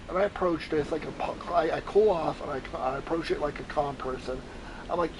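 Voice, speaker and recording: Man, gamer, casual storytelling, swears a lot, slightly high voice, faint background noise. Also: brisk. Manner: profane, rambling, animated retelling. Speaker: gamer streamer. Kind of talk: casual storytelling over gameplay.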